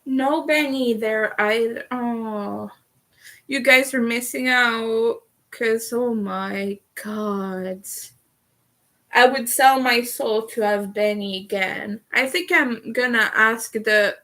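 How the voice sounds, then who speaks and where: A young woman chatting casually on a livestream, giggly, with occasional vocal fry. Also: a little high, slow pace, a bit bright. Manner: chatty and giggly, laughs often. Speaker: streamer.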